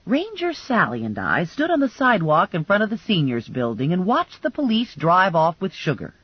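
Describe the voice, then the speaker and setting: Female narrator, husky, dry close mic with dull lo-fi sound; wry, lively comic storytelling. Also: fairly low pitch, moderate pace, no echo. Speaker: audiobook narrator. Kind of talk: first-person audiobook narration.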